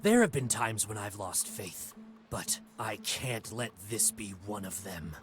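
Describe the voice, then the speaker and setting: A frail young zealot with a Texan accent swings his voice high and low as he preaches and falters. Game music sits loud under his lines. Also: animated, a little slow. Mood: fervent. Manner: fervent, wavering. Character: frail young male religious zealot bomber.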